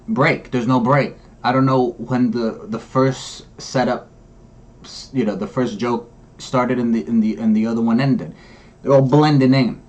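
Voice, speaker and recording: A man with a mid-pitched voice talks through a comedy set in a wry, rambling way. He drags out his remarks as he critiques the act. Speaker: commentary host. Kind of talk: casual comedy commentary.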